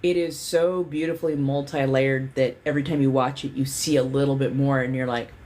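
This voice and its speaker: A woman's voice: a bass voice, fairly even intonation, brisk, a little mellow. A woman hosting a livestream in casual chat. She rambles candidly, swears freely and leans on lots of fillers. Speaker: livestream host.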